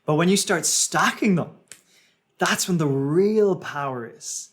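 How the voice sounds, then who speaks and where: A man commenting as a public speaking coach, calmly analysing a speech and explaining its techniques. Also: fairly high pitch, unhurried. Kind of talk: reaction commentary.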